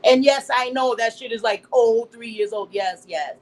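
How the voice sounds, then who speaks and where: A woman's voice: a little high, normal speed, poor audio. A middle-aged woman from Puerto Rico hosting a casual live stream, blunt and profane, with Spanish words mixed in. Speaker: livestream host.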